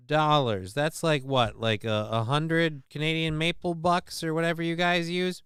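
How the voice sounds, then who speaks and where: A man's voice: on the high side, fairly even intonation, normal speed, few pauses, fairly bright tone, clean tone, dry recording, studio quality. A man hosting a livestream show, chatting casually with a profane, sarcastic, rambling manner.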